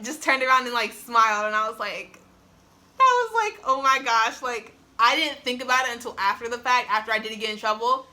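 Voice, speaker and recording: On a phone camera fixed to a tripod, a young adult woman vlogs a personal story with a high-leaning, sharp-toned voice. She's casual and chatty, leaning heavily on "like" and laughing often.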